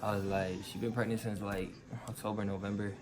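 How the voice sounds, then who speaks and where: A man's voice: on the low side, little pitch movement, fairly quick. A teenage man, telling his story casually and quoting his parents in slangy talk. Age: teens. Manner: laid-back, slangy, quotes his parents.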